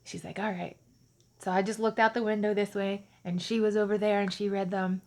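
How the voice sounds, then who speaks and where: A woman telling a personal story in a chatty, animated way, full of fillers and acted-out dialogue. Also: mid-range voice, a little fast. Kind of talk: casual storytelling to camera.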